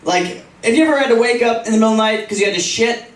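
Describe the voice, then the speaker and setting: A man's voice: extremely high pitch, very fast, fairly bright tone. A young man doing a stand-up set, crude and self-mocking, laughing through his punchlines. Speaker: stand-up comedian. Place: comedy club stage. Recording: roomy club, distant mic, audience laughing. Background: audience laughter.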